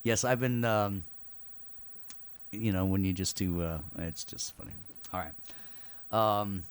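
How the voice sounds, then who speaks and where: A man's voice: low voice, slow, clear, resonant tone. A male instructor talks to his class over a live stream. He rambles casually, tosses in puns and laughs at his own jokes, then gets back to the rules of the assignment. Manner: jokey, chatty, tells puns. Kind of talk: online class lecture.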